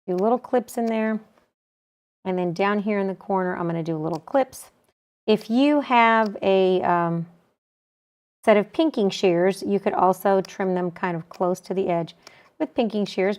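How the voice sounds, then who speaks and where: Calm woman teaching a sewing step. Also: mid-range voice. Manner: calm, practical, talks while working with her hands. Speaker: quilting instructor.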